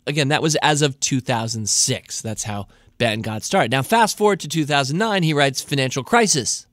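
A man's voice: medium pitch, normal speed, fairly bright tone, no room sound, clean studio sound. A middle-aged American man hosting a podcast, reading a listener's letter aloud and breaking off to comment on it in a chatty way. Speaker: podcast host.

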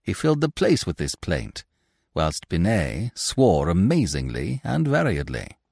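A male podcast storyteller reads a classic novel with a low voice that swoops widely in pitch. He is theatrical and expressive, recorded close and dry with no room sound. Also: measured pace, gravelly, slightly rough, no echo. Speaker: podcast narrator. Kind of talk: scripted narration of a classic novel.

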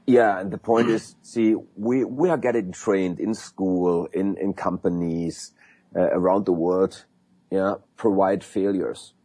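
Man, German accent, husky lower voice, animated interview guest, restarts often. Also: slow pace, no echo. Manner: animated, acts out sales calls, frequent restarts. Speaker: guest sales expert. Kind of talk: podcast interview answers.

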